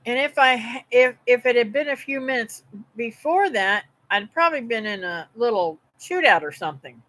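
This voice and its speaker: A woman's voice: on the high side, expressive, moderate pace, fairly bright tone, rough recording. A middle-aged woman, telling a rambling, folksy story to her livestream viewers from home. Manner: chatty, folksy, meandering. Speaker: homestead livestream host. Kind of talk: rambling live-stream storytelling.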